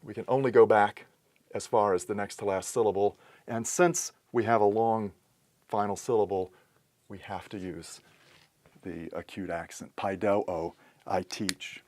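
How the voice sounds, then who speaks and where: A man's voice: lowish voice, moderate pace, a little mellow. A man giving a recorded lesson, explaining step by step in a methodical way and correcting himself now and then. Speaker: teacher. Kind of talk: recorded lecture.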